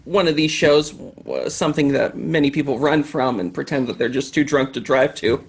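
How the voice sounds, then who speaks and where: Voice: mid-range voice, normal speed, vocal fry, husky. An improv show host joking loosely through a livestream sign-off from home, rambling a little between thanks. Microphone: home mic on a video call.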